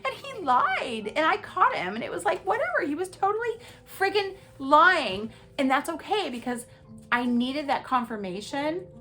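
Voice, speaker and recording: A woman hosting a podcast, telling a personal story in an animated, emphatic way and talking straight to her listeners. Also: high-pitched, normal speed, faint music behind. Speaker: podcast host.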